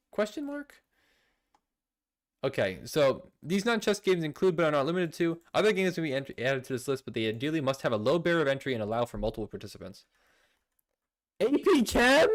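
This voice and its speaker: Young man, streamer, lively swooping voice, fairly high, laughs a lot, playfully outraged. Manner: animated, laughing often, playfully indignant. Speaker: streamer reading viewer messages. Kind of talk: casual livestream chat.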